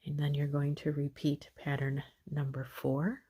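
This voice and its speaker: A woman's voice: sits low, monotone, a little slow, mellow, breathy edge. A woman teaching a crochet pattern step by step, giving patient, repetitive instructions with frequent fillers. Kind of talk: step-by-step craft tutorial.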